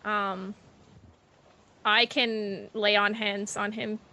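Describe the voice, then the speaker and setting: A woman playing a tabletop game, brisk and chatty. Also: mid-range voice, little pitch movement, pushed and bright. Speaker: player.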